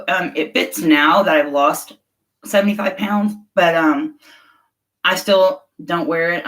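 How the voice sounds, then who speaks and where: A middle-aged woman speaks casually into her phone or webcam on a livestream, answering viewers. Her voice sits a little low, and she is frank, outspoken and openly emotional, often laughing between thoughts. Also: fairly bright tone, low-quality recording. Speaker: livestream host chatting with viewers.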